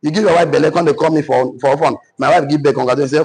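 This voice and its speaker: A man's voice: a little high, steady tone, very fast, gravelly, darkish tone, breathy edge, low-quality recording. A man with a Nigerian accent, a business mentor giving a preachy motivational talk with call-and-response, slipping into pidgin.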